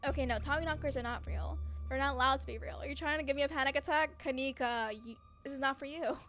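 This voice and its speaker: A woman's voice: high voice, fast talker, a bit bright. A woman hosting a let's play, joking anxiously as she plays and reacts. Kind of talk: casual gameplay commentary. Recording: game music behind.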